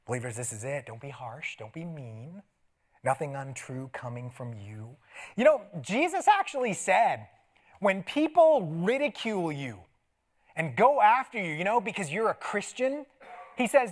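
A middle-aged man preaching a sermon as pastor, telling stories with laughs and dropping to soft asides. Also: high voice, moderate pace. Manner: animated storytelling with laughs and sudden soft asides. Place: church sanctuary.

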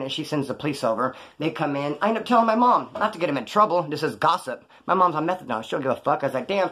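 A man's voice: on the high side, fairly bright tone. A man telling his own prison and street stories in a slangy, profane way, acting out the people he quotes. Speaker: former inmate telling his story. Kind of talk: casual storytelling.

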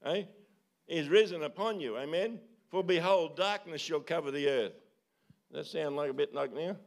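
This pastor's voice sits on the high side and has a creaky quality. He urges the congregation in his church service sermon, repeating calls and tossing in quick tag questions.

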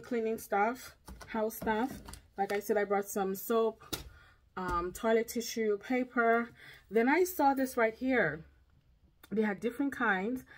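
A woman chatting casually through a grocery haul at home, drawn out and often checking in with "okay?". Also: fairly high pitch. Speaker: vlogger. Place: home, indoors.

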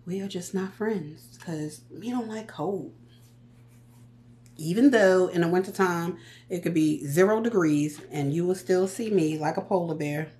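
A woman speaking chats through a casual vlog. Her voice sits a little low, and she tells stories in an animated, profane way, peppered with asides. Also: a little hiss or hum. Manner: chatty, profane, animated storytelling with laughs. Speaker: vlogger. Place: walking around.

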